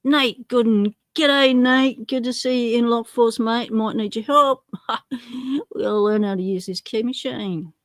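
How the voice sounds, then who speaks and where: A woman's voice: fairly high pitch, measured pace. An Australian woman chatting unhurriedly as she hosts a live stream. She greets viewers by name and pokes fun at herself. Her voice sounds dry and close, with no room echo. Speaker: livestream host. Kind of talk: casual livestream chat.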